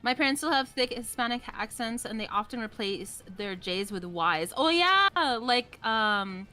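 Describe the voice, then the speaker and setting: A woman's voice: fairly high pitch, lively intonation, measured pace, pushed and bright, clean tone. A woman streamer chatting casually with friends and reading chat aloud, giggling often.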